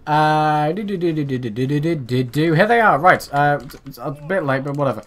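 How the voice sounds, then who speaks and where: A man's voice: a little high, fairly quick. A man narrating a strategy game, chatty and self-mocking as he barks orders at his units. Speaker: gaming YouTuber. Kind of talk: casual let's play commentary.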